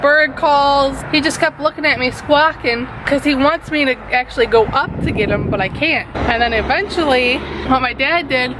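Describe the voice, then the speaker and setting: High-voiced young woman telling a story. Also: normal speed, few pauses, noisy background. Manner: animated, dramatic retelling with rhetorical questions. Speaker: vlogger. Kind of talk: storytelling vlog. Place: home garage and yard, outdoors at times.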